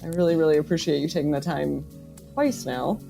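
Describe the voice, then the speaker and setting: A woman's voice: sits low, a little fast, creaky, warm tone, faint music behind. A woman hosting a podcast who laughs easily while wrapping up and then reads the closing announcements. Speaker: podcast host. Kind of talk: podcast interview and scripted outro.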